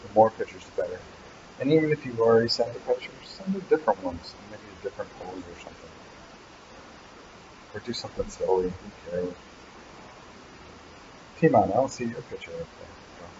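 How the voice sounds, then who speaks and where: A man's voice: lowish voice, brisk, long pauses, dull audio, background noise. A man hosting a casual live Q&A from an animal hospital waiting room, teasing and rambling about his helper. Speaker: channel host.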